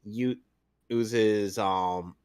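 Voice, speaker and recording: A man's voice: on the low side, steady tone, extremely slow, a little mellow, smooth. Blunt, swearing man reviewing a movie. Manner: blunt, opinionated, swears casually. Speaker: podcast co-host. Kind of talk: casual movie review chat.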